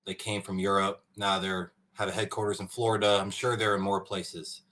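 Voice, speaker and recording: A man with a low voice talks easily as a podcast co-host. He explains ideas loosely and pads his sentences with fillers. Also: level tone, normal speed, fairly bright tone. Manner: easygoing, explanatory, filler-heavy. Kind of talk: casual podcast chat.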